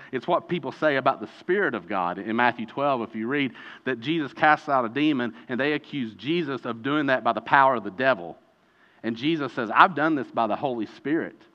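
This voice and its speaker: A man preaching a sermon, animated and emphatic, slowing down dramatically to stress his points. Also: mid-range voice. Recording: dull reverberant hall recording.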